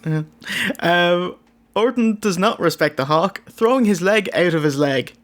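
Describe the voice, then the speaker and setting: A man's voice: high-pitched, lively intonation, measured pace, fairly bright tone. An Irish man co-hosting a wrestling review, reading a scripted recap with sardonic, jokey asides. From Ireland. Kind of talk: scripted comedic review narration.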